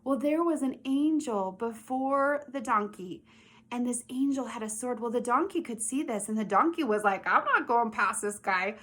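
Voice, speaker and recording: This young woman tells Bible stories to children in a lively, animated way. Her voice sits a little on the high side, and she keeps stopping to ask the kids questions. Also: normal speed.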